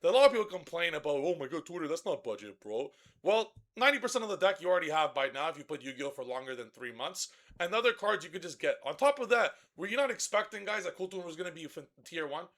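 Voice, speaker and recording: Brash, high-pitched excitable man ranting. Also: fast talker, few pauses. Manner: profane, brash and excitable, shouting at times. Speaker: card game content creator. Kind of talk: ranting deck guide.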